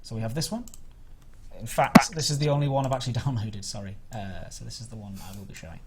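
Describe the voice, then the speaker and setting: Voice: medium pitch, fast. A livestream host running a community game event, playful and jokey, reading out the rules of a contest.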